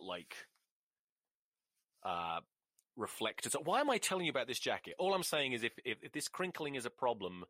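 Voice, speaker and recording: A man's voice: lowish voice, fairly bright tone, no echo. A man hosting a casual solo rugby podcast, rambling and exasperated, swearing often, recorded close to the microphone. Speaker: podcast host.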